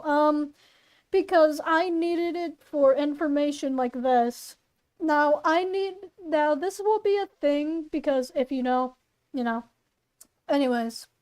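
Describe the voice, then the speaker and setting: High-voiced female reader, chatty asides, stumbling and playful. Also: a little mellow. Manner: playful, self-conscious, stumbling. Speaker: story reader and voice actor. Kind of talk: casual story reading with asides.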